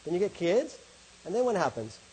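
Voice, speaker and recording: Husky high-voiced man speaking to an audience. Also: big pitch swings, brisk, darkish tone, poor audio. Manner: asks and answers rhetorical questions. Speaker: speaker on love and faith. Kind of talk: presentation to an audience.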